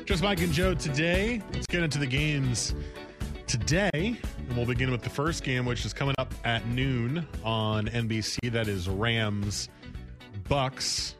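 A man hosting a sports talk radio show, talking football in a quick, casual, conversational way. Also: mid-range voice, over music. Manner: conversational, quick, self-correcting.

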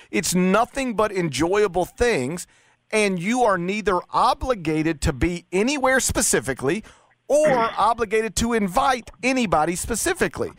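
Middle-aged male radio host, animated and argumentative, bright lively delivery, dry booth sound. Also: high voice, moderate pace, dry recording. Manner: animated, argues his case with stammered restarts. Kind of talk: casual talk radio banter.

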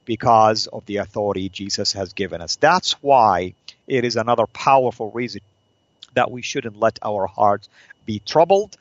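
A man hosting a Christian teaching show, explaining Bible passages in an earnest, preacherly way, asking rhetorical questions and slowing down to stress key phrases. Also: fairly low pitch, no echo, highs cut off.

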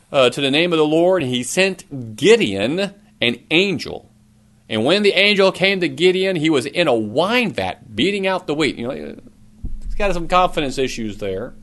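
Middle-aged male pastor, earnest sermon delivery, questions to the listeners, slightly high voice. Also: a bit bright. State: coughing now and then.

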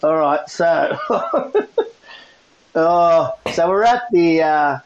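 A man's voice: on the high side, extremely slow. A man telling a story in a casual chat, laughing often as he goes. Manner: laughing often, animated retelling. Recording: muffled lo-fi sound.

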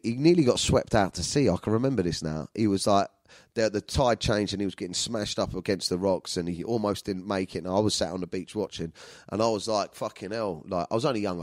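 A man's voice: on the low side, a little mellow, dry recording. A man, a comedian telling rambling, sweary stories about his family. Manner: sweary, rambling, with frequent fillers. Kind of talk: storytelling monologue.

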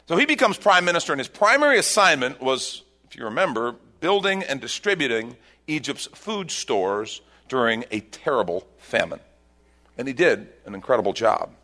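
A man preaching a sermon, retelling a scripture story and leaping up in pitch at its dramatic turns. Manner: animated storytelling, voice rising sharply at dramatic points. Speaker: pastor.

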